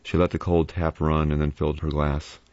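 Very deep male audiobook narrator. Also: level tone, a little fast, darkish tone, dry recording. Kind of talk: scripted narration. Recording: dry, muffled recording.

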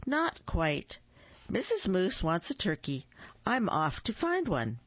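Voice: medium pitch, huge pitch swings, slow, fairly bright tone, dry recording, highs cut off, full character voice. A storybook reader voicing a kind, devoted male moose who keeps his promises, in a raised, eager voice. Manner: eager, calling out cheerfully.

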